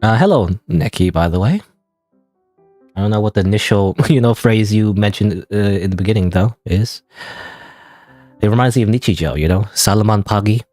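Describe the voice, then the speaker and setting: A man's voice: on the low side, moderate pace, darkish tone, no room sound, soft background music. A man streaming a game live, giving casual, rambling, self-deprecating commentary full of "you know" and "I don't know.". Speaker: gaming streamer.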